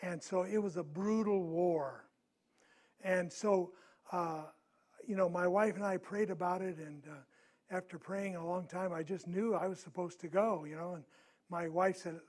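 Male preacher, high-pitched, conversational sermon storyteller who asks his listeners questions. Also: fairly even intonation, moderate pace. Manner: grows louder and more urgent at tense moments.

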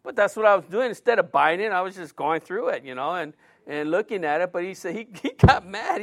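A middle-aged man preaches in a loose, conversational way, firing off rhetorical questions and slipping in jokes. His voice sits noticeably high for a man. The talk has the easy flow of a pastor speaking to his own congregation. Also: lively intonation, a little fast, hardly any pauses, fairly bright tone. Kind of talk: sermon.

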